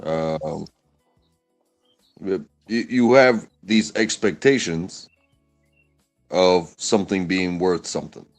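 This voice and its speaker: A man in a casual discussion who talks hesitantly, with many pauses and restarts. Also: deep voice, soft background music.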